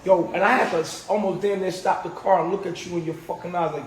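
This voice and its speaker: Brief: man with a high voice, animated and profane, recorded in a roomy space with a faint hiss. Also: fast talker, few pauses. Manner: animated, profane, retells quotes. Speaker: podcast host. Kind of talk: heated casual group talk. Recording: roomy echo with faint noise.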